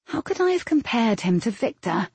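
A woman's voice: fairly high pitch, sing-song, moderate pace, creaky, a little mellow, husky, no echo. A woman narrating a first-person novel in a reflective, introspective way. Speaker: audiobook narrator.

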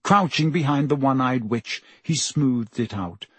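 A man's voice: mid-range voice, measured pace, husky, no echo. A man reading a novel aloud as an audiobook narrator, telling the story steadily. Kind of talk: scripted narration.

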